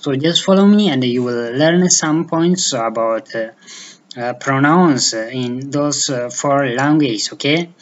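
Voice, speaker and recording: A man teaching a language lesson, speaking slowly and repeating words with frequent hesitations. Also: mid-range voice, highs cut off, slight background noise. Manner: slow, deliberate, repeats words, many hesitations.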